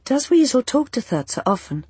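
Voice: high voice, sing-song, moderate pace, darkish tone, husky, no room sound, voice pushed up, exaggerated voice. A narrator voicing Fever, an earnest young woman who speaks precisely and formally. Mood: urgent. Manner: precise, formal, uses no contractions. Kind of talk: audiobook character voice.

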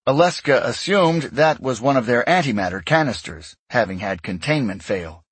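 A man narrating a science fiction audiobook in a steady, measured storytelling voice. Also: medium pitch, slightly rough, dry recording. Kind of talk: scripted narration.

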